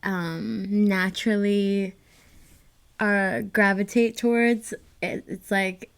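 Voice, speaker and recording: A woman talking as a podcast guest in loose, candid conversation, with her voice at a middling pitch. She laughs readily and often trails through fillers and restarts while she gathers her thoughts. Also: steady tone, slow pace, smooth. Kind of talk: casual podcast chat.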